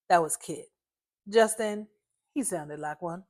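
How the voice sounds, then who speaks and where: A woman reading her own short story aloud, narrating in first person with a lively, conversational delivery. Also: lowish voice, slow pace, pauses often.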